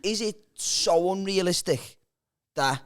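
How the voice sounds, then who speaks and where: A man's voice: high voice, slow. A man on a comedy podcast riffing on an improvised story, stammering into his jokes. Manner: playful, mock-posh jokes, stammering starts.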